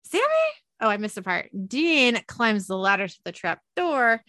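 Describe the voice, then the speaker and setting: A woman's voice: mid-range voice, animated, moderate pace, sharp tone, no room sound. A woman host animatedly recapping a TV episode in casual narration, laughing often.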